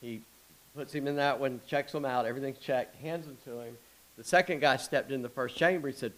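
A middle-aged man preaching a sermon in a folksy, storytelling manner, with quick asides and chuckles. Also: medium pitch, rough recording. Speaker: pastor.

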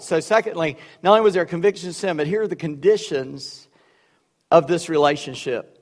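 A male pastor preaching a sermon in a church, animated and conversational, with humorous asides. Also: fairly high pitch, fairly quick, long reverb tail.

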